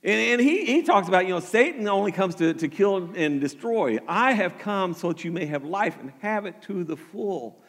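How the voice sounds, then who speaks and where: A man's voice: sits high, expressive, normal speed, few pauses, fairly bright tone, big-room sound. A man preaching a sermon with earnest energy, often repeating words as he starts a thought and building to emphatic peaks. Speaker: pastor.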